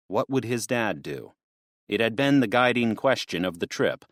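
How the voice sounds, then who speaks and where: A man with a voice on the low side narrates an audiobook from a script, steady and measured. The sound is clean studio quality with no echo.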